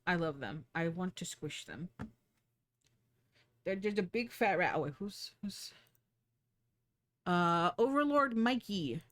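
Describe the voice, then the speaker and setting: A woman who streams and works as a 3D artist chats casually, rambling, giggling, swearing offhandedly, and slipping into playful baby talk. Her pace is measured with frequent pauses, and her pitch leaps high when she gets excited.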